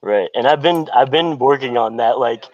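A man calling in to a Q&A show, talking earnestly and hesitantly with many pauses and restarts. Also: medium pitch, darkish tone, no echo, highs cut off. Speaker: caller on a Q&A show.

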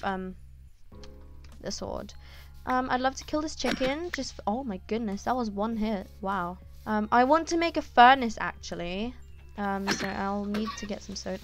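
A woman giving casual gameplay commentary, chatty and excitable, with lots of ums and quick exclamations. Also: a little high. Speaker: gaming YouTuber.

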